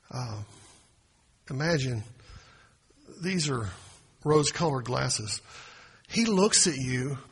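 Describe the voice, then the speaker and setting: A man preaching a sermon as pastor, swinging from quiet asides to loud, emphatic proclamations. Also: a little high, slightly rough. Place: church sanctuary. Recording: long hall reverb.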